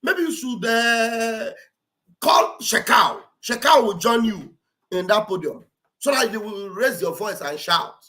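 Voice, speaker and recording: A woman gives mocking, exclamatory commentary on a livestream. Her voice sits high and swoops all over. She repeats phrases for effect and acts out what others say. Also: animated, a little slow, bright, forceful tone. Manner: acts out quoted speech with theatrical delivery.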